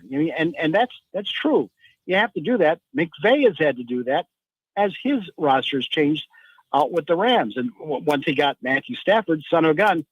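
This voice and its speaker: Man, football reporter guest, slightly high voice, rambling restarts, dull dry line. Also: no echo. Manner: rambling analysis with repeated restarts. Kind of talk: sports talk radio.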